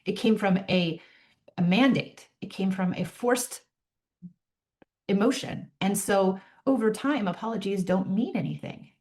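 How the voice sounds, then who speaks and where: A middle-aged woman coaching parents in an earnest way, acting out calm lines for them to say to their children. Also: medium pitch, measured pace. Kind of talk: parenting advice talk.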